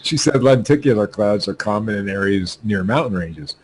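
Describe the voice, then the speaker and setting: A man co-hosting a podcast, reading news stories aloud in a halting way with many fillers and laughs. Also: fairly low pitch, animated, slight background noise.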